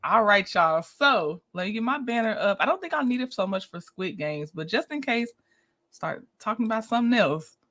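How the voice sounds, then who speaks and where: A woman's voice: medium pitch, expressive, moderate pace, a bit bright. A woman hosting a casual livestream, chatting with viewers, greeting them by name and laughing often as she reviews a reality show.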